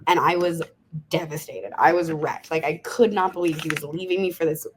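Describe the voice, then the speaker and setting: A woman's voice: low voice, fairly quick, a little hiss or hum. A woman in her thirties from Las Vegas, a podcast guest frankly telling her story and laughing often. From Las Vegas, USA. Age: 30s. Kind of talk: candid storytelling interview.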